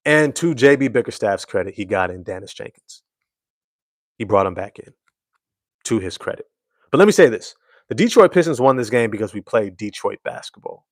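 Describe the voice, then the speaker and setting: A man's voice: on the low side, expressive, moderate pace, dry recording, studio quality. A man hosting casual live-stream sports commentary, emphatic and slangy, repeating his points.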